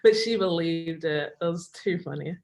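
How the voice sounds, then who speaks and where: Her lowish voice has a darkish tone and a moderate pace. She's a young Australian woman and college basketball player, chatting informally in a remote video interview, heavy on "like" fillers and laughter.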